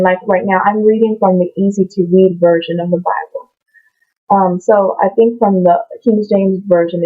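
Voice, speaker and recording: A woman casually reading from the Bible and talking about it, rambling off on tangents and restarting her sentences. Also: fairly low pitch. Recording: tinny phone-like sound.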